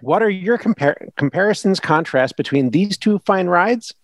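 A man doing an earnest Midwestern motorcycle fan with a broad Minnesota accent and a slow, folksy delivery. The voice sits somewhat high for a man and sounds close and dry, with no room around it. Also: expressive, dry recording. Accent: put-on Upper Midwest, Minnesota. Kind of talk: reading a listener email aloud.

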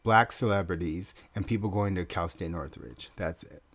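A man's voice: low-pitched, moderate pace, fairly bright tone, no echo, studio quality. A man co-hosting a talk show in casual chat, wry and teasing. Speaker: podcast co-host.

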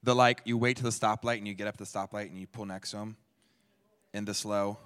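A man's voice: on the low side, steady tone, fast, a bit bright, clear, resonant tone. A man giving an interactive teaching talk at a church, speaking conversationally and repeating answers from the audience. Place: church hall. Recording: long hall reverb.

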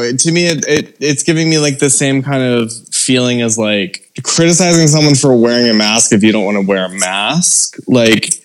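Hesitant man with halting speech. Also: medium pitch. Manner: hesitant, halting, full of fillers. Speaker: podcast co-host. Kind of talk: casual podcast chat.

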